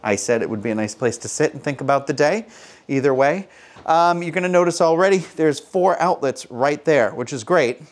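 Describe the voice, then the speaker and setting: A man's voice: on the high side, animated, fairly quick. Chatty man giving a joking room tour. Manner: chatty and jokey, self-mocking asides. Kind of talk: casual walk-through vlog.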